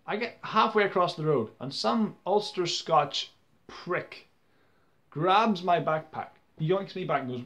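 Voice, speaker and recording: A man's voice: a little high, animated, slow. A young man, ranting to camera in a casual vlog, exasperated, with many stumbling restarts. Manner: exasperated, stumbling restarts, acts out quoted people loudly. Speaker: vlogger.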